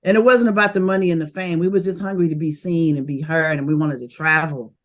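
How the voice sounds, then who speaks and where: Bay woman recalling rap days. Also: deep voice. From Oakland, California. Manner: animated and laughing, fast bursts of memories. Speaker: rapper and interview guest. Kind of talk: casual interview storytelling.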